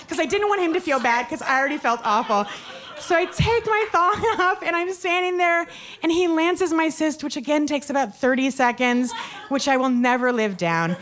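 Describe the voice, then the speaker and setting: High-voiced woman telling a story. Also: lively intonation, fairly bright tone. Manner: quick, self-deprecating, chatty with many fillers. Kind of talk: live personal storytelling.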